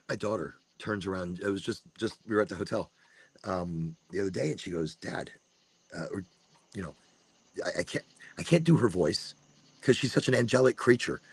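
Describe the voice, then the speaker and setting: A man's voice: fairly low pitch, slightly rough, dry recording. A man in his forties hosting a podcast, talking casually and swearing, acting out what he tells himself in the mirror. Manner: animated, swears, acts out his own inner talk. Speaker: podcast host. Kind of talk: casual monologue.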